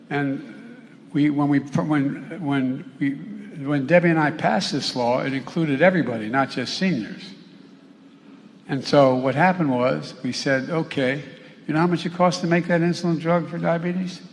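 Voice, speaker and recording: An older man giving a campaign speech as a politician, rambling with halting restarts. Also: fairly high pitch, creaky. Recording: echoey hall, faint noise.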